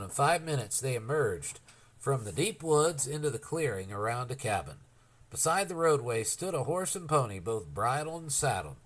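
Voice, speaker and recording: At a normal pace and with a mid-range voice, a man performs scripted audiobook narration of a novel, telling the story expressively.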